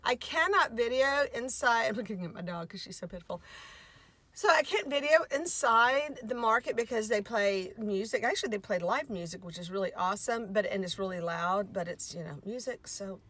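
A woman's voice: mid-range voice, normal speed, fairly bright tone. A middle-aged woman, rambling casually as a vlogger and chatting to her dogs. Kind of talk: casual chat.

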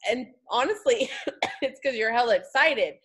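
A woman's voice: on the high side, animated, moderate pace, fairly bright tone, breathy edge. A woman hosting a casual interview, upbeat and slangy as she questions her guest. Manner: upbeat and slangy, laughs easily. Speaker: host.

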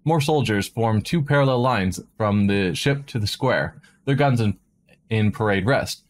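A man streaming a game, reading a visual novel aloud with dramatic narration and quick asides of his own. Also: on the low side. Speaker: let's play streamer.

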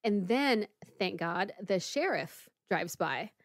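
A woman's voice: medium pitch, slow, no echo, clean studio sound. A woman co-hosting a podcast, telling a story in casual chat, full of "like" and acting out the people in it. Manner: lively storyteller, many "like" fillers, acts out the people in the story. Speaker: podcast co-host.

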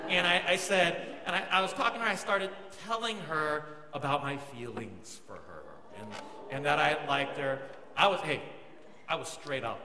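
A man's voice: high-pitched, moderate pace, crowd noise. A young man, a pastor, telling a self-mocking comic story during a sermon in a large church hall. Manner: animated, self-mocking storytelling with quoted asides. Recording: echoey hall, audience noise.

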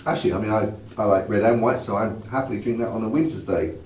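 Bloke with dry jokes talking wine, echoey and a bit far from the mic. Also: male voice, on the low side, quick pace, a little mellow, slight background noise. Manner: dry humor, works sums aloud. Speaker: wine show co-host. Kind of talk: casual wine tasting chat. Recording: roomy sound, mic at a distance.

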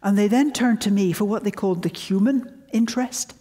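With background noise behind her, a woman in her seventies speaks fairly quickly in a mid-range voice. As a guest lecturer at a public talk, she tells wry stories of her early career with animated quotes.

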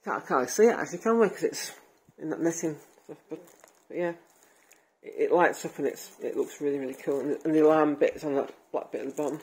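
A woman's voice: deep voice, brisk, a little mellow, husky, rough recording. A middle-aged woman chatting cheerfully in a family vlog, presenting gifts with frequent giggles. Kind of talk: casual family vlog chat.

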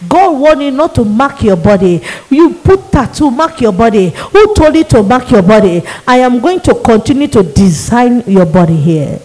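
A woman's voice: a little high, big pitch swings, moderate pace, hardly any pauses, warm tone, rough recording. A woman voicing a cruel male demon who torments sinners in hell, with a commanding, mocking tone. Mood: scolding.

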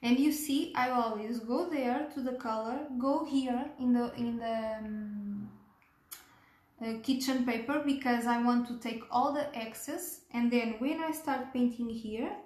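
A woman teaching a cake decorating tutorial step by step, gentle and unhurried, pausing with fillers and checking in with "okay?". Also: a little high. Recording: echoey room.

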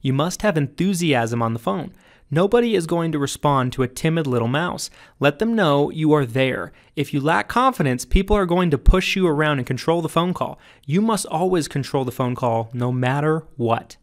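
A man narrating his own sales training audiobook, coaching emphatically and jumping up in pitch on key points. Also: expressive, normal speed.

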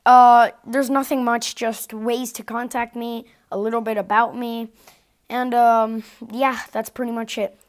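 A woman YouTuber chats to her viewers in a high voice. She rambles loosely and hesitates often, padding her thoughts with fillers. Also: level tone, unhurried. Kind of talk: casual channel update.

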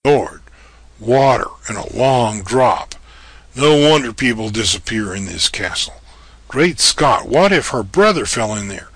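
An actor playing a bold, level-headed man exploring an old castle, giving brisk commands. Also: medium pitch, animated, fairly bright tone, slightly rough, no room sound, exaggerated voice. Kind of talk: audio drama acting.

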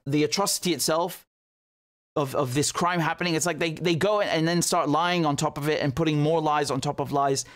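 A man giving casual political commentary on news clips, indignant and sarcastic, with frequent stumbling restarts. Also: fairly high pitch.

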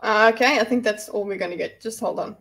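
A woman's voice: mid-range voice, fast talker, fairly bright tone. A woman chatting casually on a livestream, rambling and restarting her sentences as she answers viewers.

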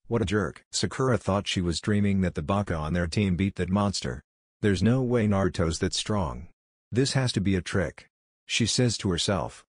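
Deep male reader for fan fiction, flat and steady, no room sound. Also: breathy edge, dry recording, clean studio sound. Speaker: narrator. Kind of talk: fan fiction read-aloud narration.

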